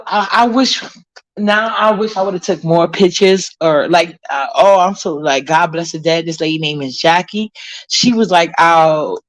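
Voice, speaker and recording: A woman from Harlem, New York, vlogs casually and reads viewer comments in a blunt, profane, rambling way full of fillers. Her voice is on the low side, and the recording is dry.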